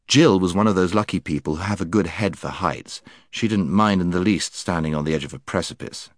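Deep-voiced man narrating a storybook. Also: no room sound, clean studio sound. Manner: measured, expressive storytelling. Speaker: audiobook narrator. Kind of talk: scripted narration.

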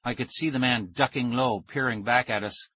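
A man narrating a children's story in the first person with steady storytelling. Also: mid-range voice, normal speed, no echo, dull audio. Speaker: audiobook narrator.

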